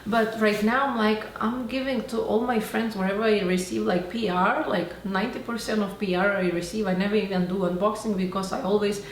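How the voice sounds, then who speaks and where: A woman's voice: mid-range voice, fairly even intonation, brisk, few pauses. Chatty woman vlogging in a roomy space. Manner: enthusiastic, rambling, acts out quoted dialogue. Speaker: beauty and self-help vlogger. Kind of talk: casual talking-to-camera vlog. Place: home, Florida. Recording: roomy echo, faint background noise.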